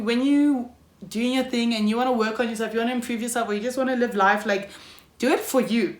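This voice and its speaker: A young South African YouTuber talks frankly in a candid personal vlog monologue, swearing freely and laughing often in her South African accent. Her voice is medium-pitched and a bit bright, and the room gives it a noticeable echo.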